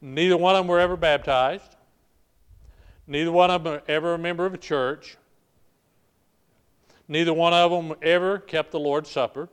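An older pastor with a drawl preaches a sermon with emphatic repetition and frequent restarts. His voice sits a little high for a man, and he keeps calling on the congregation to listen. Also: steady tone, normal speed, pauses often, smooth.

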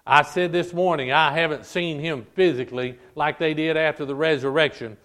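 At a church service, a pastor preaches emphatically and repetitively, lengthening key words for stress and calling his listeners "folk." His voice sits on the high side, a bit bright, with fairly even intonation and a moderate pace.

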